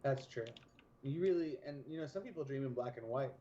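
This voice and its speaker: A man's voice: medium pitch, brisk, dark tone, muffled recording, slight background noise. A man streaming a video game, chatting casually with dry joking quips. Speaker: streamer co-host. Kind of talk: casual chat while gaming.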